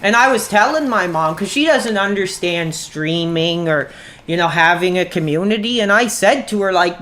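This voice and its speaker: A man in his thirties chatting on a gaming livestream, irritable and quick to anger, saying "dude" all the time. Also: high-pitched, lively intonation, pushed and bright. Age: 30s. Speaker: streamer. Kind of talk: casual gaming livestream chat.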